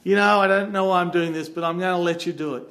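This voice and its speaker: A man's voice: sits high, fairly even intonation, quick pace, fairly bright tone. A man voicing a strict site guard who speaks firmly and scolds. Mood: stern.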